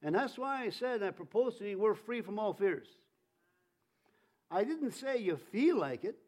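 A man preaching a sermon in a high voice, fervent and rousing. He calls on the congregation to answer him and repeat his lines. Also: very animated, normal speed, a little mellow. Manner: fervent, leads congregation in call-and-response.

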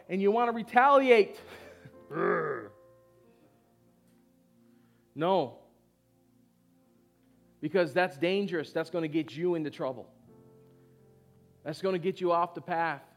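High-voiced man preaching a sermon. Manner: exhorting, call-and-response with the congregation; conversational, repeats short phrases. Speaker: pastor. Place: church service before a congregation.

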